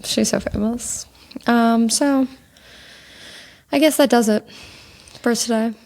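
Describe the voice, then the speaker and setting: Chatty young woman with gravelly voice. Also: fairly high pitch, steady tone, slow, a little mellow. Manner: chatty storyteller, lots of fillers. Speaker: podcast co-host. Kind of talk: casual chat.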